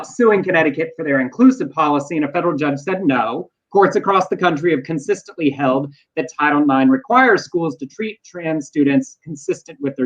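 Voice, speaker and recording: A man co-hosting a casual news talk show, animated, with playful asides and quotes. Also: on the high side, muffled recording. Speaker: podcast co-host.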